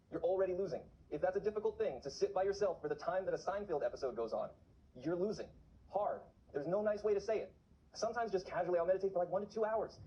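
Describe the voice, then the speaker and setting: A man's voice: high-pitched, highs cut off. A man talking to camera in a casual vlog, urgently exhorting his viewers. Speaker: vlogger on remote viewing.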